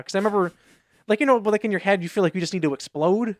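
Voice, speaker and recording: Fast-talking man telling rambling stories. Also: high voice, dry recording, studio quality. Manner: rambling anecdotes, acting out quotes in raised voices. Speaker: podcast co-host. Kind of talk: casual chat.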